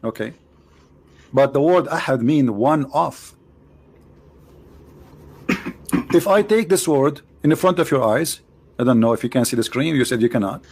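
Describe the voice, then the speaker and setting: A man hosting a debate with a caller, teasing and mocking, repeating himself and swinging between loud jabs and low asides. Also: lively intonation, measured pace, long pauses, slight background noise. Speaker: show host debating a caller.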